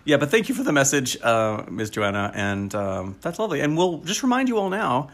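A man in his forties co-hosts a casual podcast. He is lively and laughs often, and his chat is full of ums and uhs. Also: medium pitch, a little fast. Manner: lively and laughing, with many fillers. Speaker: podcast co-host.

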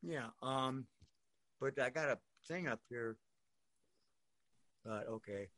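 A man's voice: medium pitch, takes it slowly, a bit bright. Older man telling his story, rambling and profane. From Brooklyn, New York. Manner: rambling and profane, peppered with "man" and "you know". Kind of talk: personal storytelling monologue.

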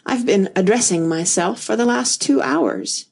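A woman's voice: mid-range voice, animated, a little slow, creaky, darkish tone, husky, voice pushed up, exaggerated voice. A woman voicing a flustered, untidy queen who talks in a vague, wistful way. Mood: fussy. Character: flustered untidy White Queen, muddled and plaintive.

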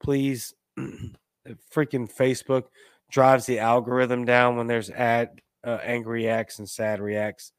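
A man hosts a casual livestream chat in a loose, rambling way, swinging between loud bursts and muttered asides. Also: medium pitch, level tone, slow pace, clear, resonant tone, dry recording. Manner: loose and rambling, with swerves in loudness and pace. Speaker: host.

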